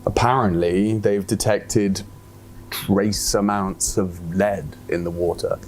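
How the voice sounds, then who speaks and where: A man's voice: low-pitched, fairly even intonation, takes it slowly, a little hiss or hum. A man speaking in a flustered, self-important way in a comedy sketch.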